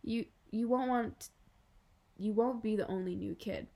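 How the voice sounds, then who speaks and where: A woman voicing a patient middle-aged mother who speaks softly and reassuringly. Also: mid-range voice, measured pace, creaky. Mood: coaxing. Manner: soft, reassuring, coaxing.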